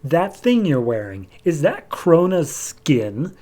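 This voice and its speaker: A man's voice: medium pitch, very animated, normal speed, darkish tone, slightly rough. A man voicing a brutal, gloating male alien warlord in a comic recap.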